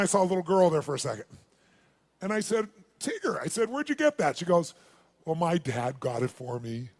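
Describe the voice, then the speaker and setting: Male seminar speaker, higher register, animated storyteller who works the room. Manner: animated storyteller, calls out questions to the crowd. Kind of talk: live seminar talk with storytelling.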